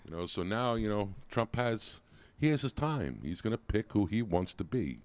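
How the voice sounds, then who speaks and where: A man co-hosting a podcast outdoors on a street, talking loudly and joking around in casual banter. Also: on the low side, animated, moderate pace. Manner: joking, teasing, loud. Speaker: podcast co-host.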